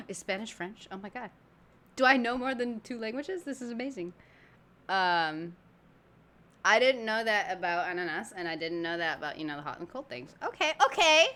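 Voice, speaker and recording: A woman's voice: medium pitch, sing-song, normal speed, pushed and bright. A woman from Argentina giving chatty, laughing reaction commentary as a video host. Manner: chatty, laughing, thinking aloud.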